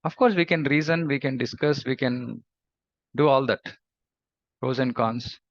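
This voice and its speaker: A man's voice: mid-range voice, a little slow, no echo. A man giving a scripture lecture as a spiritual teacher, emphatic and repeating points for stress. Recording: dull lo-fi recording.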